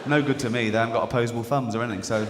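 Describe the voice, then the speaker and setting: A middle-aged Englishman does stand-up before an audience at a large venue, talking in a chatty, conversational way and checking in with the crowd as he goes. His medium-pitched voice is steady in tone but racing in speed, heard in a reverberant live hall with audience noise.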